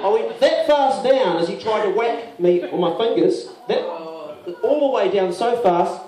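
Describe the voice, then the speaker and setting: A New Zealand man performs a comic story live, slipping into other people's voices as he goes. His voice sits fairly high. He is heard from a distance in a roomy, echoing venue, and the audience sounds come through clearly. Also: measured pace, a little hiss or hum. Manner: animated, acts out other people's lines. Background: audience laughter.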